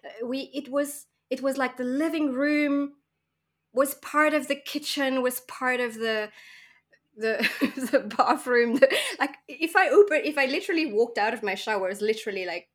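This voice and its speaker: Guest: higher-voiced woman from Mauritius, animated storyteller, casual chat. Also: normal speed. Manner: animated storyteller, acts out voices and laughs often. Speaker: podcast guest.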